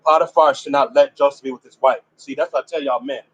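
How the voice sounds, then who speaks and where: A man teaching from scripture. He reads the passage aloud haltingly and stops often for informal asides and explanations. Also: medium pitch, fairly even intonation, breathy edge, rough recording. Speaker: Bible teacher. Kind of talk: scripture reading with commentary.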